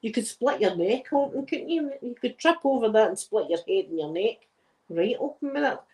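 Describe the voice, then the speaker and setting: A woman's voice: on the high side, animated, moderate pace, a little mellow, husky. Chatty Glaswegian woman, rambling. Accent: Glaswegian Scottish. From Scotland. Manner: chatty, rambling, laughs often. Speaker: channel host. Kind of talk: casual chat.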